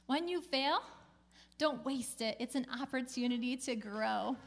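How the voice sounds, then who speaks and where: A woman pastor preaching a sermon in a conversational way, with casual slang mixed into her preaching. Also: sits high.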